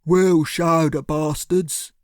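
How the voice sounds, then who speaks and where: A man voicing a huge, blunt thug who barks his words slowly and heavily, in an audiobook. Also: a little high, fairly even intonation, dry recording, studio quality. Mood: gruff. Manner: slow, heavy, barking delivery. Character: huge, slow-witted thug, gruff and blunt. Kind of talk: audiobook character voice.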